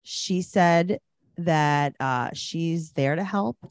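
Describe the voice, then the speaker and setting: A woman co-hosting a casual podcast, recapping a reality show with sarcastic, animated retellings. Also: deep voice, extremely slow, clear, resonant tone, dry recording, clean studio sound. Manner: animated, sarcastic, acts out quotes. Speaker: podcast co-host.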